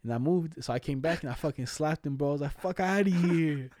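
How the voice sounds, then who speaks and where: Young man, casual storyteller, slangy and laughing, mellow timbre, dry recording. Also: fairly high pitch, fast talker, no room sound. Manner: slangy, laughing, acts out quoted voices. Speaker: friend telling stories.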